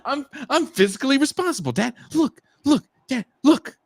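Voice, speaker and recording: A man voicing his proud grown daughter as she whines for attention in a high, pleading tone. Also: animated, moderate pace, no room sound. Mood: whiny bragging. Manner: pleading, high-pitched, repetitive.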